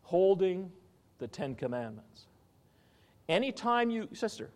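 A man preaching a sermon in an animated teaching style, often asking his listeners questions. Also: high-pitched, unhurried. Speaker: pastor.

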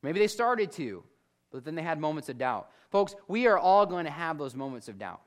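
A man delivers a sermon in a voice pitched a little high for a man. He keeps it conversational and animated and speaks directly to his listeners. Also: normal speed. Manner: conversational, animated preaching that addresses the listeners as folks. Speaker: preacher.

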